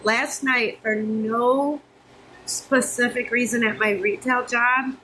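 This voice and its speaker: A woman's voice: fairly high pitch, fairly even intonation, takes it slowly, bright, forceful tone, a little hiss or hum, poor audio. A woman in her fifties, a vlogger, venting frankly to her phone camera while overheated and flustered, swearing freely and sounding exasperated. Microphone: phone camera close up.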